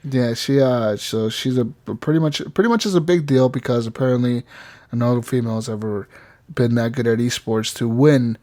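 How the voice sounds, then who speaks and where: A man's voice: medium pitch, normal speed, a little mellow. A man hosting a gaming podcast, chatting casually, rambling with frequent laughs and swearing. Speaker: podcast host.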